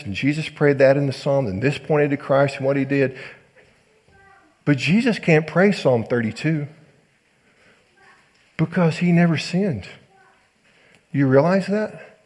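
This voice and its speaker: A male pastor preaching a sermon in earnest, rising to loud emphasis and dropping to hushed low lines.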